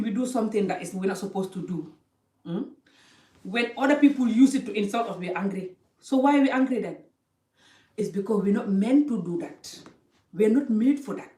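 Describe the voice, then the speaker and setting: A woman's voice: on the high side, dark tone. A woman giving passionate life advice to camera. She talks emphatically, repeats phrases for stress and uses non-native English grammar. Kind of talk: impassioned monologue to camera. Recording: echoey room, voice a bit distant from the mic.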